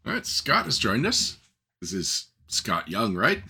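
Lively upbeat host, bright husky voice. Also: medium pitch, measured pace. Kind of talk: casual chat.

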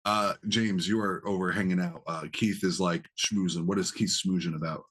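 A man's voice: low voice, steady tone, normal speed, fairly bright tone, slightly rough. A man narrating a tabletop game as game master, with casual, filler-heavy narration.

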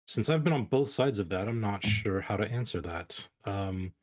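A man's voice: on the low side, lively intonation, moderate pace. A man playing a tabletop game, speaking in a dry, hesitant way. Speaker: player. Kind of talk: casual tabletop game play.

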